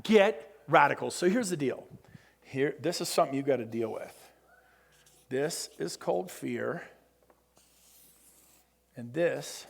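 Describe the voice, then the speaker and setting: A man gives a motivational seminar talk. His voice sits high for a man, and he preaches with big swings between loud bursts and quiet asides. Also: vocal fry. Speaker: motivational speaker. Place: conference room.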